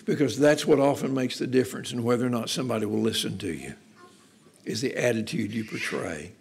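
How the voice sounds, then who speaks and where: A man's voice: mid-range voice, a little fast, vocal fry, breathy edge. A man preaching a sermon in an earnest, conversational way, repeating phrases for emphasis. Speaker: pastor.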